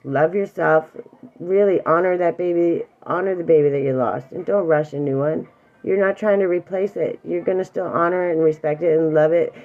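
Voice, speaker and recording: In a casual talk about emotional awareness, a middle-aged woman earnestly and warmly reassures one viewer, her emotion sometimes bringing her near tears. She speaks at a moderate pace with a lowish voice over tinny, narrow audio.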